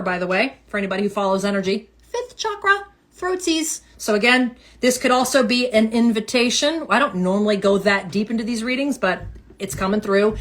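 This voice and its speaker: Animated woman giving a tarot reading. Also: on the high side. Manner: animated, emphatic, repeats phrases. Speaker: tarot reader. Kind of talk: casual tarot reading livestream.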